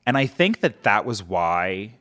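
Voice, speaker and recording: Animated storytelling man, low voice. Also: a little slow. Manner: animated, acts out quotes, many "like" fillers. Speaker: podcast guest. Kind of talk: casual storytelling.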